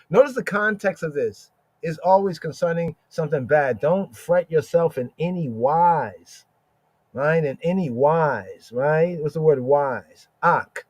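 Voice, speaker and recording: A man teaching scripture on a casual podcast. He checks in with "right?" again and again and draws out Hebrew words slowly. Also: a little high, darkish tone, no echo. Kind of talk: informal scripture study podcast.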